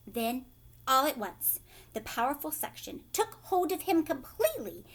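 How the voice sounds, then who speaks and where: A woman teacher reading a chapter book aloud to children, pausing to ask questions in whispered asides. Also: high voice.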